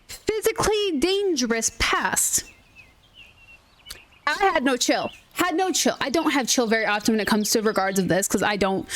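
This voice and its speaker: A young woman gaming streamer chatting casually, telling an animated story full of quoted dialogue. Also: high-pitched. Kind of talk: casual chat while gaming.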